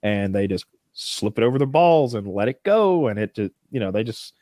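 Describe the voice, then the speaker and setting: A man's voice: lowish voice, lively intonation, normal speed, darkish tone, no room sound, clean studio sound. A man chatting casually as a co-host, rambling with many restarts and frequent swearing. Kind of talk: casual chat.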